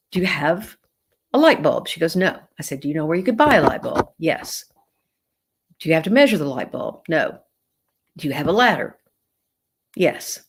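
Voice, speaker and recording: Southern-accented woman psychologist, middle-aged, low voice, easy conversational advice. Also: husky. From American South. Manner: warm conversational advice with retold dialogue. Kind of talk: live-stream Q&A.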